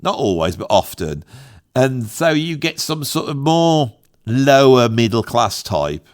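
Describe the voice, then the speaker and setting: A man's voice: mid-range voice, very animated, unhurried. Rambling, self-mocking English man. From England. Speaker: YouTuber, musician. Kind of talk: rambling unscripted vlog monologue.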